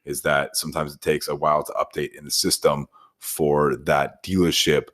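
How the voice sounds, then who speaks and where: A man with a very deep voice chats on a casual podcast. He explains technical details in a plain, matter-of-fact way. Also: flat delivery, normal speed, a bit bright. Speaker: podcast co-host. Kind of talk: casual chat.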